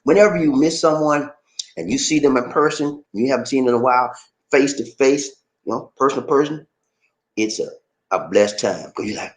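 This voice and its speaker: A man hosting a casual livestream from the Philippines, reading out viewer comments and chatting in an animated way that jumps up into high excited shouts. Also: a little fast. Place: home in the Philippines.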